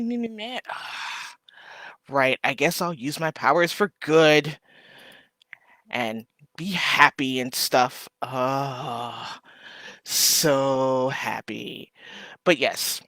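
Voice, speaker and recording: A small business owner hosts a casual live stream in a rambling, heartfelt way, full of ums and thank-yous. The voice is bright and now and then jumps into a high playful squeal. The sound is dry and close. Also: dry recording. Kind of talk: casual livestream chat to viewers.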